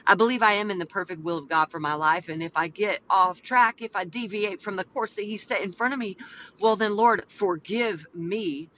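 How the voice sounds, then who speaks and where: Bright-toned woman hosting a faith podcast. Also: medium pitch, moderate pace. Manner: casual, slangy, rambling and self-deprecating. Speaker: podcast host. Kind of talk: faith podcast talk mixed with prayer. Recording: slightly muffled with faint background hum.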